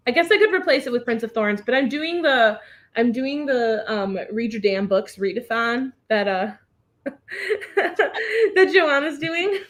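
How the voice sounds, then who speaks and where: A woman with a fairly high voice hosts a relaxed reading livestream. She chats over a video call and often breaks into giggles. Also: measured pace. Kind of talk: casual chat on a video call.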